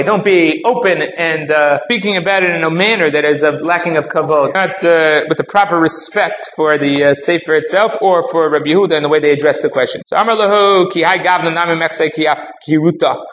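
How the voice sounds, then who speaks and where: A man with a slightly high voice teaches a Talmud class, explaining each point step by step and weaving in Hebrew and Aramaic terms. The audio is dull and roomy, with faint ambient noise behind him. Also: a little fast, few pauses, a bit bright.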